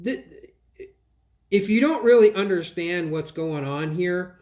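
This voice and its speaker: Hosting his channel, this man talks through a book review, mocking its ideas and spelling out words letter by letter as he wanders off topic, restarts sentences and lets them trail away. His voice sits high and a little mellow, at a measured pace.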